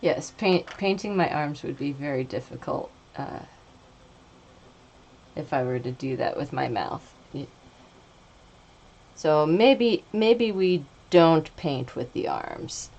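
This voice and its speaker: A woman's voice: low voice, lively intonation, slow pace, pauses often, darkish tone, lo-fi sound. A woman streamer chatting casually while she paints, joking about herself and stumbling over her words. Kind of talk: casual live-stream chat.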